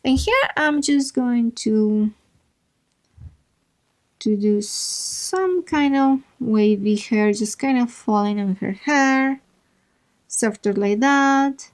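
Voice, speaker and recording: A woman's voice: fairly high pitch, takes it slowly. A woman hosting a drawing tutorial, chatting casually as she works and making playful asides to herself.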